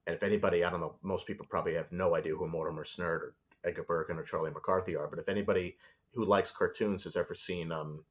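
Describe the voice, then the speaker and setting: A man speaks in a low voice at a quick pace. He is a storyboard artist guest in a casual interview, telling animated stories and acting out voices.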